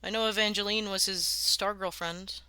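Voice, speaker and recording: A woman's voice: mid-range voice, fairly even intonation, normal speed, bright, forceful tone, clean tone, dry recording. A woman streaming live, chatting casually and swearing freely as she worldbuilds and sounds out words, laughing often.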